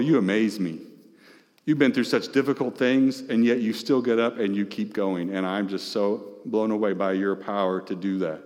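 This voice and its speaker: A male pastor preaching an impassioned sermon, calling out to the congregation with rising and falling delivery. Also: mid-range voice. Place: church sanctuary. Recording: reverberant church hall.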